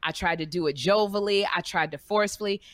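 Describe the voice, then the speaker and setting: A woman comedian co-hosting a podcast, telling stories in a casual, animated way and acting out the people she quotes. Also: quick pace, dry recording, studio quality. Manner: animated, acts out quotes with big pitch jumps. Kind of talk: casual storytelling chat.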